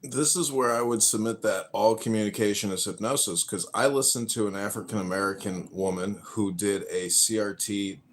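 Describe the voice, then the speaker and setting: Man, fairly low voice, podcast host, measured and explanatory, casual political talk. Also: slight background noise.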